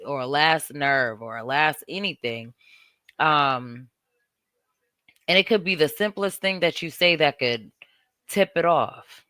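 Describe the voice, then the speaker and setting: Low, slow-talking woman in a dry room. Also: pushed and bright, dry recording. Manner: measured, cautionary, reflective. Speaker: reaction commentator. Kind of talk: casual commentary.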